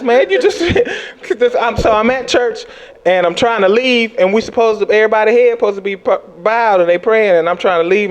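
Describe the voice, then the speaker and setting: A young adult man performing a stand-up comedy set, telling animated stories and jumping into high squeals when he acts out panic.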